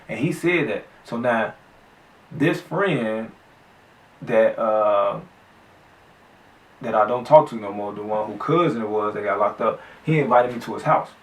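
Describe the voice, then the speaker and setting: A man's voice: on the low side, normal speed, fairly bright tone, recorded from a distance. A man vlogger telling a story casually, in slangy, profane speech with many restarts. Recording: echoey room, off-mic.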